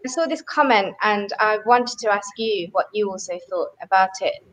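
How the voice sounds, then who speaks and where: A woman guest explaining medical terms in a measured way. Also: mid-range voice, fairly bright tone, slight background noise, poor audio.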